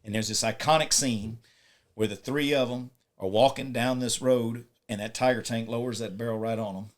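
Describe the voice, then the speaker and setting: A man, a podcast guest, talking casually as he gives an animated retelling of film scenes. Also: mid-range voice, moderate pace. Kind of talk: casual storytelling chat.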